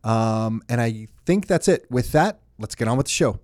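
A man's voice: mid-range voice, animated, normal speed, darkish tone, no room sound. A man co-hosting a podcast in a loose, rambling way, full of ums and restarts. His voice sits mid-range and sounds dry and close, with no room around it. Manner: chatty, rambling with fillers and restarts. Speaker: podcast co-host. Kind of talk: casual podcast chat.

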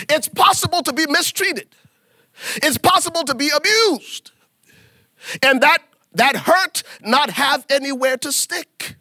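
A man preaching a sermon in an animated, folksy way, turning to the congregation and acting out little scenes. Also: very high-pitched, unhurried, dry recording. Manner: animated preaching with acted asides; folksy, addresses congregation as y'all. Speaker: pastor.

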